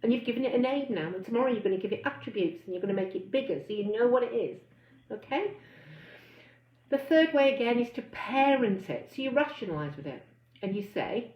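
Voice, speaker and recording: A woman's voice: on the high side, expressive, normal speed. A woman weight-loss coach giving a chatty live online talk, reading out comments and acting out inner voices. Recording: roomy, slightly dull sound.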